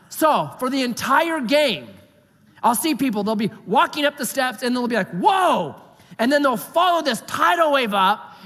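A male pastor preaching a sermon, telling stories in an animated, jokey way. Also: high-pitched. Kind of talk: sermon with storytelling. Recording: long hall reverb.

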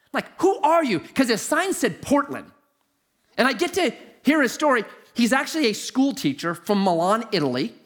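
A middle-aged man spins a personal story with a high voice that leaps up and down. He plays every moment big and bursts into loud disbelief at the surprises. His telling is animated and exaggerated.

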